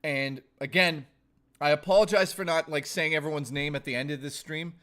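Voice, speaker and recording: Streamer with a strained, fading voice. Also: male voice, on the high side, steady tone, moderate pace, fairly bright tone. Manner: rambling, thanks chat by name. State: losing his voice. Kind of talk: casual live-stream chat.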